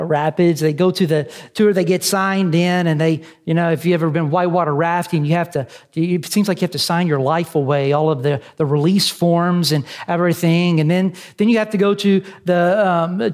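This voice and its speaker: A man preaching, telling a story as a sermon illustration, halting often with restarts and fillers. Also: fairly high pitch, darkish tone.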